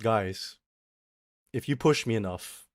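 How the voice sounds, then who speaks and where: A man from Australia, streaming and ranting through a casual story in an animated, profane way. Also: lowish voice, slow, no room sound, studio quality. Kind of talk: casual ranting livestream chat.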